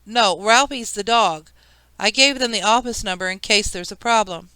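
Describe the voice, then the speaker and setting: A woman's voice: medium pitch, normal speed, bright, forceful tone, clean tone, no room sound, lightly acted. A woman reading an audiobook, voicing a harried mother who snaps at her son. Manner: snappish. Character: harried, sharp-tongued mother.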